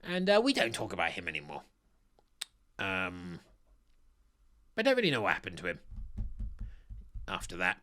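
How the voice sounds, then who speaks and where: Giddy, animated man ranking kits. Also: sits low, moderate pace, pauses often. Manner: playful, giddy, self-mocking; restarts and stutters often. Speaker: football kit reviewer. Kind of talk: casual ranking commentary.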